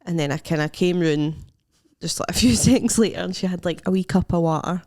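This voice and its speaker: A woman with a Glasgow Scottish accent, co-hosting a podcast in casual chat and acting out the people in her story with lively quotes. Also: brisk, no room sound, studio quality. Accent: Scottish, Glasgow area. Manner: animated storyteller, acts out quotes in a higher voice, laughs often. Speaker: podcast co-host.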